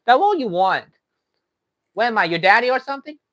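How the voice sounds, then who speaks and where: A man's voice: very high voice, very animated, brisk, a bit bright. A man streaming a game live, taunting and arguing with a viewer in chat. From Texas. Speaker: livestreamer. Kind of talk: live gaming stream talk.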